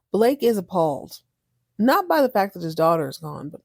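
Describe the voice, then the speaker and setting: A woman's voice: mid-range voice, big pitch swings, vocal fry, darkish tone, breathy edge, no room sound, clean studio sound. Sassy woman recapping a TV drama. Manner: sassy and playful, voicing characters in quick bursts. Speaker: podcast host recapping a TV series. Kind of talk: casual comedic recap.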